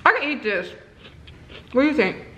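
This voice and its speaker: A woman with a fairly high voice chats playfully through a casual home vlog. Her voice rings off the walls of an echoey room at home, with a faint hiss of noise behind it. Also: sing-song, normal speed, sharp tone. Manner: chatty, playful, talks to her kids and dog while filming. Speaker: vlogger.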